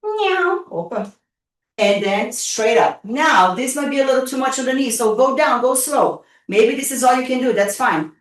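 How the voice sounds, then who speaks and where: A woman with a slightly high voice, far from the mic in an echoey room, teaches a live online workout class as a fitness instructor. Playful and encouraging, she cheers on her students while becoming winded.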